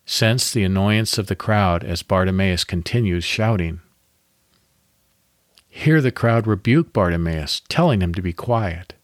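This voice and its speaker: A man hosting a devotional podcast, reading a guided Bible meditation in a calm, measured way with pauses. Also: fairly low pitch, dry recording, studio quality.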